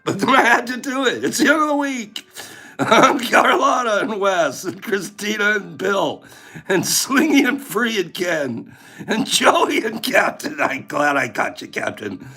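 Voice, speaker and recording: Giggly husky man with a high, lively voice. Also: unhurried. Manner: giggly, laughing through his words. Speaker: livestream host. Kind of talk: casual livestream chat, reading viewer names.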